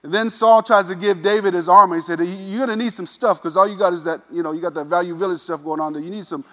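A man preaching a sermon, retelling a scripture story in a casual, animated way with modern asides. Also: sits high, quick pace, long reverb tail. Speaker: pastor.

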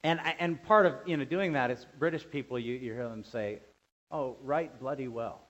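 A man preaching a sermon as pastor, animated, dropping to quiet asides and rising to loud emphatic bursts. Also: mid-range voice, a little fast. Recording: dull lo-fi sound.

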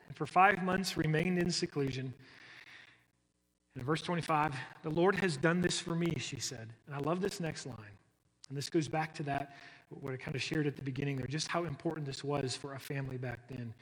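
A man preaching a sermon, rising sharply on key phrases and then dropping low and soft. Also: long reverb tail, poor audio. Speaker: pastor.

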